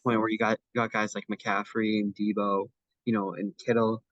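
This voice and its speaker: A young man talks sports with a co-host in an easy, rambling way, full of ums and restarts. His voice sits a little low. The sound is dull and lo-fi, close and dry. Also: level tone, moderate pace, fairly bright tone, dry recording. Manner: chatty, many fillers and restarts. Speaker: podcast co-host. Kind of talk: casual sports chat.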